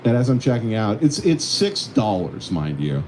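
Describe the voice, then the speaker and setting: A man's voice: on the low side, moderate pace, slight background noise. A man co-hosting a casual comedic chat, telling stories with lots of acted-out quotes. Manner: animated storytelling, acts out quoted voices. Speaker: podcast co-host.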